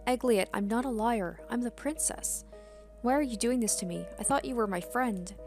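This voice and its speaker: A woman's voice: on the high side, moderate pace, music in the background, voice pushed up, close to an everyday voice. A woman reading aloud the lines of a possessive, imperious young princess girl from a game. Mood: hurt. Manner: bossy, indignant reading.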